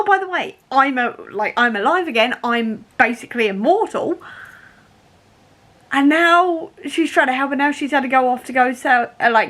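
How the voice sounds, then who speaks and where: A woman's voice: sits high, bright, forceful tone. A young woman vlogging casually about a book she is reading, gushing and emotional, often laughing.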